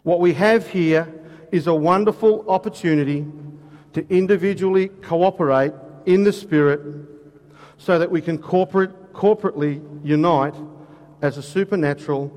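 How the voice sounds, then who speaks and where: A man preaching a sermon, asking rhetorical questions and reading scripture slowly with emphasis. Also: a little high, a little mellow. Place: church hall. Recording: long hall reverb.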